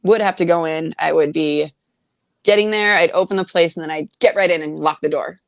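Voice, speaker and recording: Woman bartender guest, blunt and salty, lower-pitched, casual chat. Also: fairly quick, gravelly, dry recording. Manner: blunt, laughing, swears freely.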